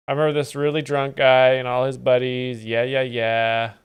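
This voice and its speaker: A man hosting a live stream, explaining comedy clips in a mock-pedantic, deadpan way. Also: mid-range voice, moderate pace, clear, resonant tone. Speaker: comedy commentator host.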